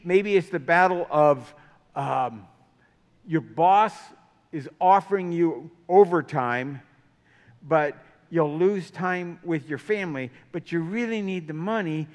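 A man preaching a sermon in a casual, conversational way, asking his listeners many questions. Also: a little high. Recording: long hall reverb.

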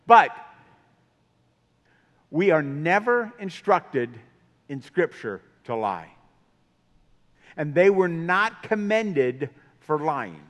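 A man's voice: on the high side, big pitch swings, very slow, pauses often. A man preaching a sermon in a casual, conversational way, asking his listeners many questions. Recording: long hall reverb.

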